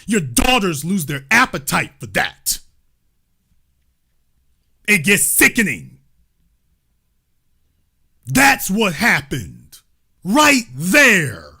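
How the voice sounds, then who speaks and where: A male commentator with a high, lively voice that swings all over its range as he drives his points home. He talks emphatically, with mild cursing and an occasional shout, and his tone is bright and forceful. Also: drawn-out words, creaky, long pauses, husky. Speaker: host. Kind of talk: livestream political commentary.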